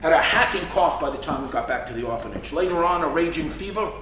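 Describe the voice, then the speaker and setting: A man acts out a worldly middle-aged gangster who lectures and spins stories with a dry wit. The voice sits high and swings widely. It carries from far off across a roomy stage over a faint hiss. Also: lively intonation, fast talker, fairly bright tone. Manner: wry, lecturing and storytelling. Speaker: stage actor. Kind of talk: live stage play. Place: theater stage. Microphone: distant room mic.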